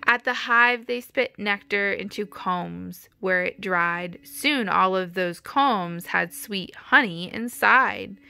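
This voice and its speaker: A woman's voice: mid-range voice, slow, vocal fry, hardly any pauses, pushed and bright, smooth. A woman reading a rhyming children's picture book aloud in a rhythmic storytelling manner. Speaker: storybook reader. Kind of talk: children's read-aloud narration.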